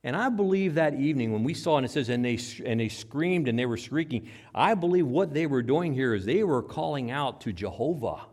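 Animated storytelling male preacher. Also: mid-range voice, fairly quick, few pauses. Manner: dramatic storytelling, acts out shouts and whispers. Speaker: pastor. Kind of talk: sermon.

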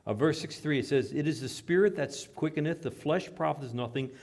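A pastor preaching a sermon, reading scripture aloud dramatically and dropping into quiet asides, asking the congregation questions. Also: male voice, a little high, fast talker. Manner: dramatic, swings between loud scripture reading and hushed asides.

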